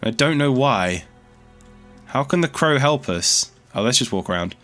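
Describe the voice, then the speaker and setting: A man's voice: mid-range voice, lively intonation, measured pace, a bit bright, soft background music. Chatty man narrating his gameplay. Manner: chatty, thinks aloud, easily startled. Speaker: let's play host. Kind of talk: casual gameplay commentary.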